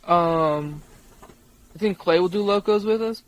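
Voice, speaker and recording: A young man with a notably high voice co-hosts a podcast. He talks in a relaxed, rambling way, full of casual slang. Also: unhurried, no echo. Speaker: podcast co-host. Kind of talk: casual chat.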